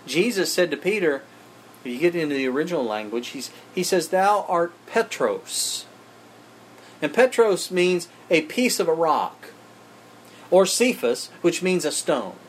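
Man, preacher, emphatic sermon delivery, slightly high voice, faint background hiss. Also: very animated, moderate pace. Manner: emphatic, addresses listeners as friends.

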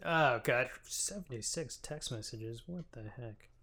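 Brief: young male podcast co-host, bright, edgy tone, quick to laugh and react in disbelief. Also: mid-range voice. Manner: animated and incredulous, with lots of giggling reactions. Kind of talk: casual chat.

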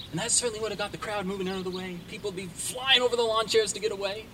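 A man preaching a sermon, retelling a story with dramatic shifts in pace and loudness. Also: high-pitched, fairly even intonation, very fast, few pauses, a little hiss or hum. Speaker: pastor.

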